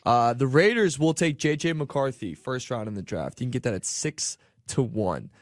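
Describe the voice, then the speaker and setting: A man's voice: mid-range voice, animated, moderate pace, no echo, studio quality. A man hosting a casual sports betting podcast, easygoing as he reads out odds. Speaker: podcast host.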